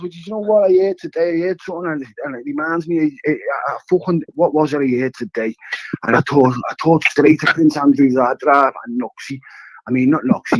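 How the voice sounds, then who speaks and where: A man calling in to a live stream, trading loud, laughing, crude insults. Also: on the high side, slight background noise, rough recording. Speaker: caller.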